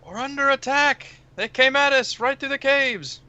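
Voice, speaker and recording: A man voicing a frantic adventurer who shouts an urgent alarm. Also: very high voice, moderate pace, lo-fi sound, pitched above the performer's own voice, heavily acted.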